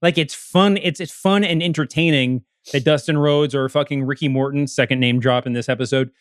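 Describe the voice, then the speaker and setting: A man's voice: a little high, fairly even intonation, brisk, no room sound, studio quality. A man co-hosting a podcast in casual chat, rambling and cutting himself off with lots of fillers. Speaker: podcast co-host.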